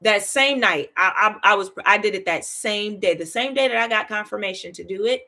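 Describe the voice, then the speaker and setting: A chatty woman leads a Bible study in a relaxed, talky way. Her voice sits in an ordinary middle pitch. She stays lively, laughs easily, tosses in "right?" again and again, and repeats herself for emphasis. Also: fairly quick. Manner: animated, chatty, laughs often, keeps asking "right?". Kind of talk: casual Bible study teaching.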